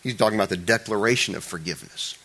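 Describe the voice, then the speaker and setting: A man's voice: on the low side, racing, a bit bright. A man preaching a conversational sermon as a pastor, informal and chatty, with joking asides and frequent restarts.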